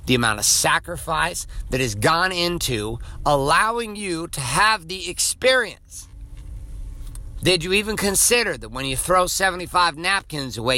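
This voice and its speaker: A man's voice: fairly high pitch, pushed and bright, no echo. A male podcast host giving a blunt, profane, emphatic motivational monologue.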